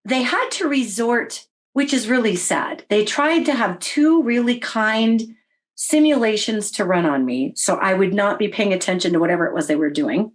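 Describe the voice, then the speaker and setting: A middle-aged woman tells a long personal story in an interview, sounding wry and animated. Her voice sits in an ordinary middle pitch for a woman. She often acts out her own past remarks as she goes. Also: normal speed. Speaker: interview guest recounting experiences.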